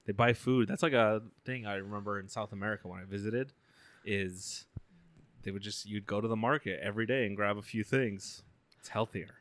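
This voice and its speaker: A man's voice: on the low side, fairly even intonation, a little fast, a bit bright, no room sound. A man co-hosting a casual podcast, rambling and laughing as he talks. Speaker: podcast co-host. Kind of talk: casual chat.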